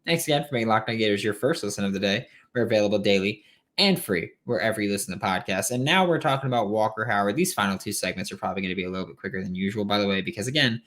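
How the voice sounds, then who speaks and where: A man's voice: lowish voice, very fast, fairly bright tone. A man hosting a solo sports podcast late at night, tired but opinionated and emphatic, with rambling asides.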